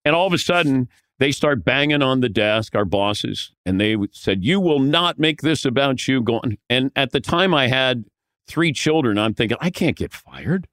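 Guest man, veteran broadcaster, lively storyteller, pitch swings a lot, dry close mic. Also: normal speed, clear, resonant tone, dry recording. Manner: lively storyteller who acts out quotes. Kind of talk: animated anecdote telling.

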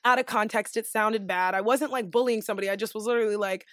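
A young woman co-hosting a casual chat, telling a story with animated acted-out quotes and plenty of swearing. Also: mid-range voice, fast talker, dry recording, clean studio sound. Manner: animated, acts out quoted voices, swears freely.

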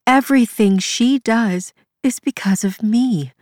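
A woman narrator gives voice to a tearful young woman torn apart by guilt, her voice lifted higher than the narration and cracking into whispers. She pleads slowly and unevenly, in a dry, close recording for a storybook. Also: a little mellow, dry recording, natural voice. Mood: anguished. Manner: sobbing, pleading, breaks into whispers. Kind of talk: audiobook character voice.

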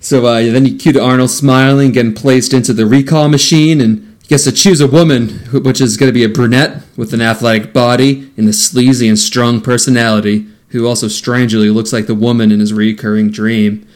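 A man's voice: mid-range voice, fairly even intonation, fairly quick, few pauses. Laid-back man recapping a movie plot. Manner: jokey, laughs mid-sentence, trails off. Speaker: podcast co-host recapping a film. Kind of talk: casual chat, plot recap.

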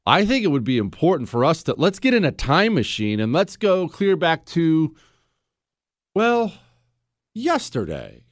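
A man hosting a talk radio show, delivering a sarcastic, animated monologue into a studio mic. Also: on the high side, measured pace, no room sound.

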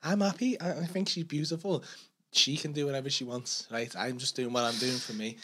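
A man's voice: mid-range voice, fairly even intonation, fairly quick, background noise. A man co-hosting a podcast, chatting casually and swearing while he tells a story with quoted dialogue. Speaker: podcast co-host. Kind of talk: casual banter.

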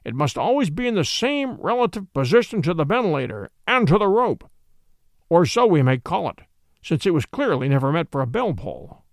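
A man voicing a brilliant, calm male detective who explains things in a measured way. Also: fairly high pitch, no room sound, clean studio sound. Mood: grave, explaining.

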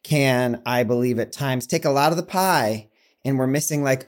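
A man guest in a casual interview, talking fast and chatty with many asides. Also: mid-range voice. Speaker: podcast guest, business coach.

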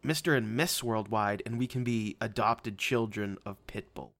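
A man's voice: lowish voice, normal speed, vocal fry, fairly bright tone. A man co-hosting a movie podcast in casual, joking chat. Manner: playful, jokey, hams up place names with put-on accents. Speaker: podcast co-host.

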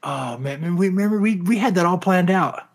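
A man's voice: high voice, expressive, a little fast. Wisecracking male podcast co-host. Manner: dry, wisecracking, rambling. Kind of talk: casual podcast banter.

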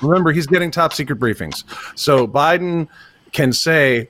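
A man's voice: a little high, moderate pace, a bit bright, slight background noise. A man speaking as a panelist in a casual political chat, with a sardonic, wry way of talking.

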